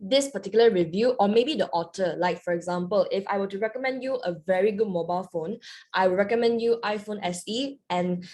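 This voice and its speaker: A woman's voice: mid-range voice, brisk. Young woman tutor, chatty, mixes in Mandarin, online lesson. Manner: switches between English and Mandarin, chatty and lively. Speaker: English teacher.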